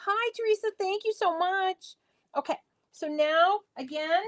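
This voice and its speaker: A woman's voice: very high voice, lively intonation, moderate pace. A woman hosting a live crafting tutorial from her home craft space, chatting playfully with viewers as she works. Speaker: craft demo host.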